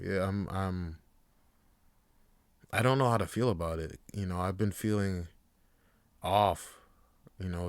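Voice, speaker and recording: A man's voice: low-pitched, smooth, dry recording. A man hosting a casual podcast monologue, rambling with many fillers and some swearing. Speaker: podcast host.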